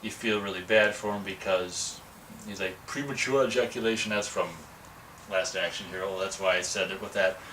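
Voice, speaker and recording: A man rambles through a casual movie review, acting out lines from the film as he goes. His voice is low-pitched but bright. He sits some way from the mic, with faint background noise. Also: level tone, normal speed, distant mic, poor audio. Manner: rambling, digressive, acts out quotes.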